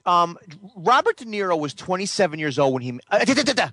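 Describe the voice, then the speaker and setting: Casting note: high animated male co-host, blunt, dry close sound. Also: quick pace, no room sound. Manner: blunt, sweary. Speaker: radio show co-host. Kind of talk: casual chat.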